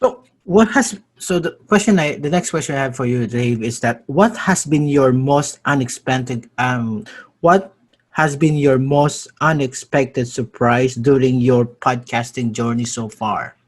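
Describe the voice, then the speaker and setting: A man's voice: medium pitch, measured pace. A man hosting a podcast interview, restarting and rephrasing his question as he asks it. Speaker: podcast host.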